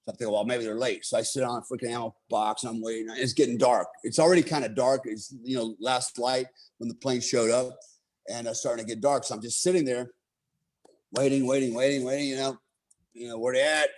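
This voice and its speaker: Swearing freely and laughing along, a middle-aged American veteran relates a war story during a relaxed interview in an animated way. He speaks briskly at a medium pitch.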